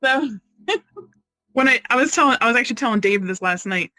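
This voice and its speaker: A podcast co-host chatting casually and telling a relaxed story with trailing "um"s. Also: medium pitch, fairly quick, soft background music. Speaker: guest co-host.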